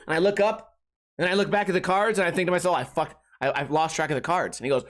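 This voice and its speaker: A man's voice: high voice, fast, fairly bright tone. A young man hosting a podcast, telling a rambling casual story, acting out quotes and laughing often. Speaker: podcast host.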